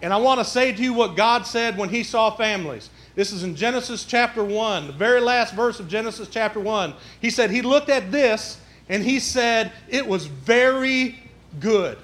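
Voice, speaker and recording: A man's voice: high-pitched, normal speed, few pauses, fairly bright tone. A man preaching a sermon, folksy and conversational, with a church's roomy echo. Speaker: pastor. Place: church sanctuary.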